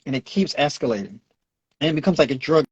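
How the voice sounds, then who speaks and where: A man's voice: fairly high pitch, expressive, fast, a little mellow, breathy edge, no room sound, lo-fi sound. A man with a New York accent, a nutrition and fitness coach, explaining at length in a lecturing way and checking in with "right?". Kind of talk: explaining in a podcast Q&A.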